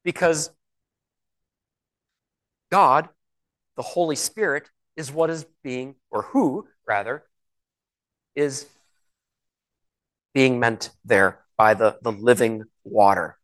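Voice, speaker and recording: A man preaching a sermon in a conversational way, asking rhetorical questions and slowing down to stress key words. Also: mid-range voice, a bit bright. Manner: slows and stresses key words when reading scripture.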